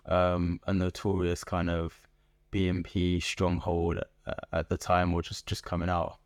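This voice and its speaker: A middle-aged man with a London accent, a guest in an interview, speaking in a thoughtful, measured way with frequent pauses. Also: deep voice, completely flat delivery, no room sound, studio quality. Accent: London English. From England. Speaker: guest, organization founder. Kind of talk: conversational interview. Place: podcast booth.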